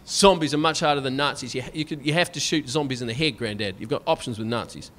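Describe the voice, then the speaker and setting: A Scottish man performing stand-up comedy, sarcastic and animated, often tagging his lines with "right?". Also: medium pitch, fast talker, hardly any pauses. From Scotland.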